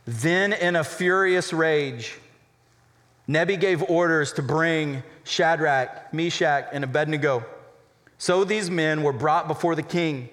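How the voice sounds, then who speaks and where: A man's voice: fairly high pitch, slow pace. Man preaching in a reverberant hall. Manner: conversational, animated storytelling with acted-out asides. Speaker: college pastor. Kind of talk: sermon.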